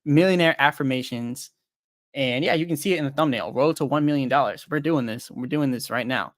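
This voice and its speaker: A young man talks casually on a livestream, rambling and thinking out loud with plenty of "um" and "like." His voice sits at a middling pitch and sounds dry and close, with no room around it. He comes across frank and a bit self-deprecating. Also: brisk, dry recording. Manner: loose and rambling, thinks aloud with many fillers and restarts. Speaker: crypto trading livestream host. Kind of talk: casual livestream chat, reading viewer comments.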